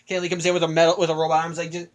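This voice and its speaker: A man's voice: fairly high pitch, monotone, racing. A young man casually recapping a film, rambling with frequent restarts and self-corrections.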